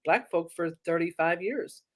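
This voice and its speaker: A middle-aged woman from Ireland whose Irish accent has been softened by decades in the American South, telling stories animatedly in a casual interview. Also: lowish voice, moderate pace. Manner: animated storyteller, acts out quoted voices. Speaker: guest.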